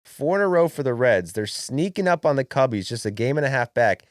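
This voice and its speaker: A young man co-hosting a podcast in casual sports chat, brash and animated, swearing freely. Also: mid-range voice, a little fast, dry recording, clean studio sound. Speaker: podcast co-host.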